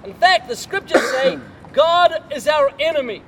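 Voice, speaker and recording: A man's voice: very high-pitched, expressive, a little slow, fairly bright tone, a little hiss or hum. An older man preaching a sermon, telling a story and putting rhetorical questions to the listener.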